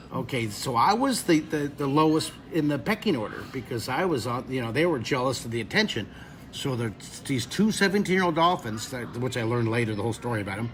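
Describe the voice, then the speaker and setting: Animated man telling a story to kids. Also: on the high side, a little hiss or hum. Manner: lively, expressive, jumps to shrieks for effect. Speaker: drawing teacher.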